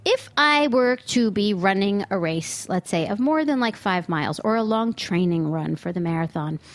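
Speaking at normal speed with lively intonation, a woman with a mid-range voice delivers an opinionated food podcast monologue. She sounds sarcastic and exasperated, now and then bursting out in disbelief, recorded in a studio booth on a studio microphone.

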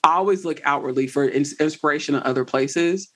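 A woman, a podcast guest chatting in an animated way and often laughing as she tells stories. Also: low-pitched, a little fast. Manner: animated, laughs while telling stories, Southern slang. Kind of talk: casual conversation.

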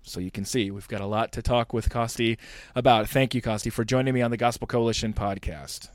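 A man's voice: medium pitch, fairly even intonation, a little fast, no echo. A man hosting a podcast, reading quotes from a book and asking questions. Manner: reads quotes, asks questions. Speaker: podcast host. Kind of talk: podcast interview.

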